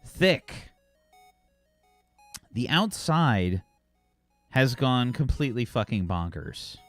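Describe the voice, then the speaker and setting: A man's voice: mid-range voice, measured pace, no room sound, faint music behind. A man narrating a tabletop game as game master in a casual, rambling way.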